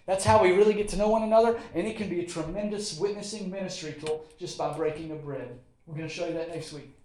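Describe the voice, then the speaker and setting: A Southern US pastor preaching to his congregation in a high, tenor-leaning voice. He talks in a folksy way, repeating lines for weight and slipping in quick asides. The sound carries the roomy echo of a church hall. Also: darkish tone, slight background noise. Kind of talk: sermon. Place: church sanctuary.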